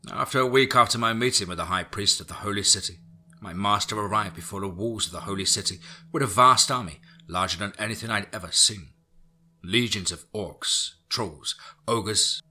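A man narrating a first-person fantasy story for a podcast in a steady, unhurried reading. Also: fairly low pitch.

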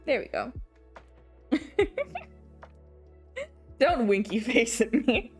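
A woman's voice: a little high, sing-song, extremely slow, breathy edge, soft background music. A young woman with an English accent chatting casually on an art stream as she draws, rambling, restarting her sentences, laughing often and swearing now and then. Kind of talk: casual chat while drawing.

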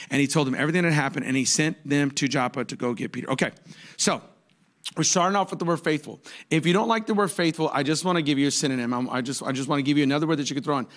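A man in his forties preaching a sermon as a pastor, telling jokey stories with sudden high-pitched outbursts. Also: a bit bright.

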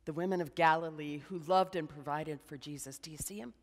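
A woman preaching a sermon as a slow, dramatic guided meditation, dropping to a hush at times. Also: sits low, fairly even intonation, big-room sound. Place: church.

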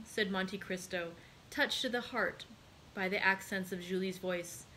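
A woman, a library host, narrating a classic novel in a steady, clear reading. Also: mid-range voice, a little slow, slight background noise, poor audio.

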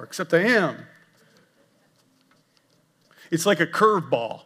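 A man's voice: fairly high pitch, normal speed. A man serving as executive pastor, preaching a casual, self-deprecating sermon to his congregation in a church. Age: older. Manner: jokey, self-deprecating, animated with asides to the congregation. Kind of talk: conversational sermon. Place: church sanctuary.

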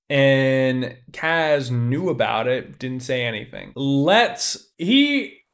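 A young man hosting a podcast, talking excitedly and casually about a book, animated and swearing freely. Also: fairly high pitch. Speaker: podcast host.

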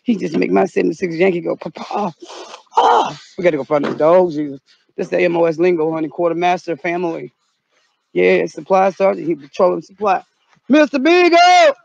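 A woman vlogging outdoors, excitable and dramatic, often shouting, in a dull lo-fi recording. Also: on the low side, brisk, gravelly, breathy edge, dry recording. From North Carolina, US. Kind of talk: casual vlog. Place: outdoors in cold weather. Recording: dull lo-fi sound.

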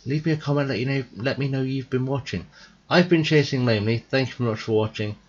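A tired young man thinking out loud in a rambling, casual commentary as he plays a game. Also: mid-range voice, quick pace, highs cut off. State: tired, yawning. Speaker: gaming video host. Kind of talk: casual let's-play commentary.

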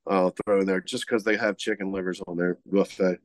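A man's voice: low voice, fairly even intonation, brisk, dry recording. Rambling man, dry close sound. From Mississippi. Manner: rambling, filler-heavy, easygoing. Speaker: guest co-host, butcher shop representative. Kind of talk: casual podcast chat.

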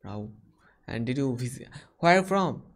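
A man's voice: mid-range voice, expressive, normal speed. A man from India hosting casual video chats with strangers and asking lots of short, curious questions over a video call. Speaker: host.

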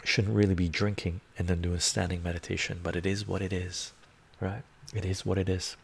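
A man hosting a live stream, reading song lyrics in a soft-spoken ASMR manner, his voice going a little rough. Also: low voice, level tone, fairly quick, a little hiss or hum.

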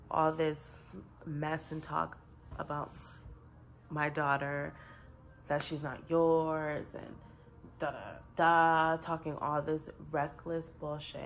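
A woman's voice: sits low, level tone, slow pace, gravelly, slight background noise. A young woman vlogging casually to camera, venting bluntly and profanely about her frustrations. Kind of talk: casual vlog rant.

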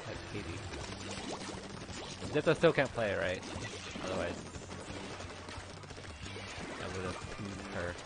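Male gamer, animated and reactive, unhurried delivery, game soundtrack under the voice. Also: low-pitched, vocal fry, heavy background noise. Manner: excitable, laughing, reacting loudly to the game. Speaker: gamer streaming online matches with friends. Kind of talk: casual gameplay chatter. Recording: game music playing behind. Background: game music.

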